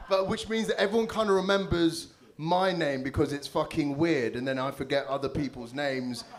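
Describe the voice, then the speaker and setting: A man's voice: a little high, normal speed, noisy background. A man hosting a live comedy show on a handheld mic, teasing the crowd with crude, cheeky banter. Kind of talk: live stand-up crowd work. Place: live comedy venue with audience. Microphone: handheld stage mic.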